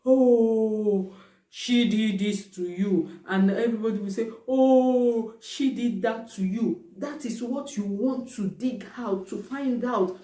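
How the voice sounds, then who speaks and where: Mellow-voiced woman, roomy and distant. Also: mid-range voice. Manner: emphatic, repeats points for stress. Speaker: vlogger. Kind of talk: casual talk to camera.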